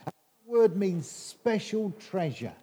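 English guy preaching to kids, teasing and playful, higher voice but mellow tone. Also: big pitch swings, slow pace, breathy edge. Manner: playful, teasing, quizzing the children. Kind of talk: all-age sermon with children.

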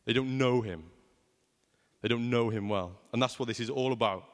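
A man's voice: medium pitch, moderate pace, big-room sound. A young man preaching a sermon in a conversational way, often asking rhetorical questions.

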